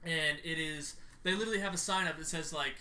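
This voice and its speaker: A young man hosting a casual sports podcast, joking and excitable, laughing loudly with his friends. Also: on the high side, fast, poor audio. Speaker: podcast host.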